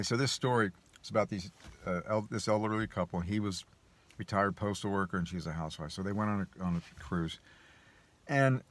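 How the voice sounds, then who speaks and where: A man telling a personal story in a casual monologue, rambling and hesitant with many restarts. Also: low-pitched. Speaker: vlogger.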